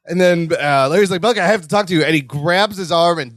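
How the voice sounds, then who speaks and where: Clean studio sound with no room tone captures a man with a high voice as he co-hosts a podcast. Chatting loosely about a sitcom episode, he animatedly jumps into quick voices for each character's lines.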